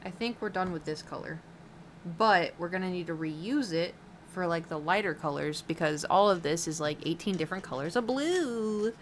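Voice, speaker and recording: A woman's voice: lowish voice, animated, normal speed, slight background noise. A woman streamer chatting casually while painting, rambling with lots of fillers and giggles.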